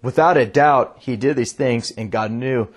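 A man preaching a sermon, reading scripture in a slower, lower voice and explaining it earnestly. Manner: reads scripture in a lower, slower voice, then speeds up; earnest, restarts sentences. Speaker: pastor.

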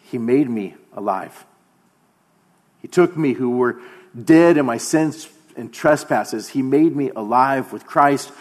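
A man in his thirties preaches as a pastor in an earnest, medium-pitched voice. He often slows down and drops to a quiet voice for emphasis. The recording has a long hall reverb.

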